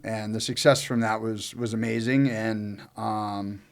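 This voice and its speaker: A man's voice: lowish voice, steady tone, unhurried, gravelly. A man telling a long personal story in casual chat, rambling and profane, with many fillers and restarts. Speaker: co-host telling his own story.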